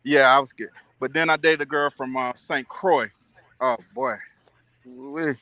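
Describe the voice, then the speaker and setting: A man's voice: steady tone, measured pace, bright, forceful tone, no room sound. A man chatting casually on a livestream, telling stories with lots of laughter and playful impressions of his friends. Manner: laughing storyteller, mimics friends in a high voice. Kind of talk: casual chat.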